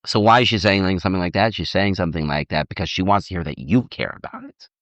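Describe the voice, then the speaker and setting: A man giving an informal lecture as a rabbi, animated and repetitive, often acting out little dialogues, on a dull, dry recording. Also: low voice, fast, no room sound. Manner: animated, repeats words, acts out dialogue. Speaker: rabbi teaching on marriage. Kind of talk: informal lecture with audience questions.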